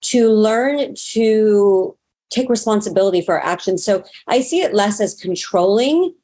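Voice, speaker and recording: A spiritual teacher and astrologer, guesting on a casual interview, talks frankly, swears now and then, and acts out her inner self-talk in quoted asides. Her mid-range voice has lively intonation, a darkish tone, and a slightly slow pace.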